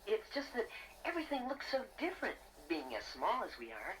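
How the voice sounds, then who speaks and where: A performer voicing a friendly, earnest young male teddy bear in a storybook cassette, eager and gently instructive. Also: mid-range voice, huge pitch swings, fairly quick, very noisy. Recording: loud music bed.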